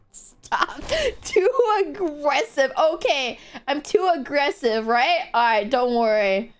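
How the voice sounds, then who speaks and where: A woman streaming a game, playful, giggly and excitable, talking to her chat. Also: high voice, slow, few pauses, a little hiss or hum.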